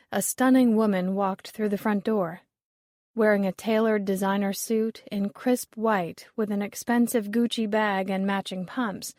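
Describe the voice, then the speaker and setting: A woman narrating a mystery novel in a steady, measured reading voice. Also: mid-range voice, dry recording, clean studio sound. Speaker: audiobook narrator. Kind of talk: scripted narration.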